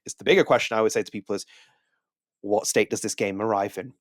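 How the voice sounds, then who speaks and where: A man's voice: on the low side, fast talker, dry recording, studio quality. A man co-hosting a podcast, giving rambling, opinionated takes in casual chat. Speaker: podcast co-host.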